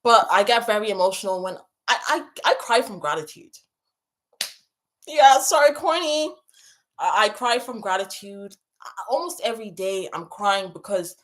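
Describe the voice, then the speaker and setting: Chatty, emotional young woman livestreaming. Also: medium pitch. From moved to England from abroad. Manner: chatty, emotional, many fillers and restarts. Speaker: YouTube livestream host. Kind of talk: casual livestream chat, reading viewer questions.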